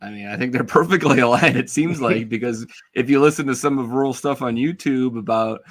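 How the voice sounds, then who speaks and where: A man's voice: medium pitch, a little fast, a bit bright. Agreeable man co-hosting a sports podcast. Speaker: podcast co-host. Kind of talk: casual sports podcast chat.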